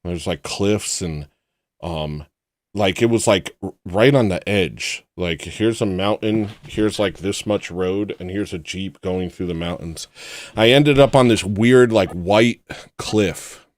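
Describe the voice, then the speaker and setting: A man hosting a livestream, telling a rambling personal story in a casual way and acting out the people in it with loud put-on voices. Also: low-pitched, slow, no echo. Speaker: livestream host.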